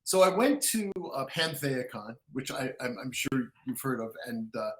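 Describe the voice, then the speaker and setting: A man talking as a guest author in a casual interview, excitable storyteller with frequent restarts who acts out quotes. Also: medium pitch, normal speed, roomy sound, low-quality recording.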